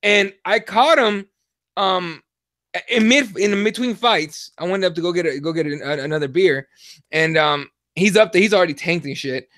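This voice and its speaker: A young adult man co-hosting a combat sports podcast, telling animated, profane stories in casual chat. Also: sits high, moderate pace, no echo, clean studio sound. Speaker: podcast co-host.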